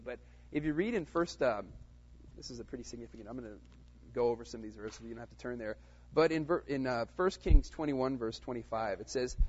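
A man teaches a casual Bible study, thinking out loud with plenty of "um"s and "right?"s aimed at his listeners. His voice is husky and a touch breathy, at a middle pitch. The sound is dull and slightly muffled. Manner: conversational, with many fillers and "right?" check-ins.

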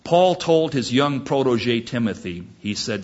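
Husky-voiced male pastor preaching. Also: mid-range voice, lively intonation, measured pace, hardly any pauses, darkish tone, lo-fi sound. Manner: storytelling, emphatic. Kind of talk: sermon.

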